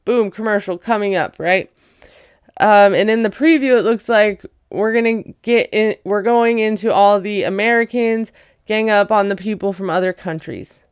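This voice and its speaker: A woman's voice: mid-range voice, normal speed, clean tone, dry recording, studio quality. A woman giving a casual, wry recap of a reality show, chatty and full of ums and likes.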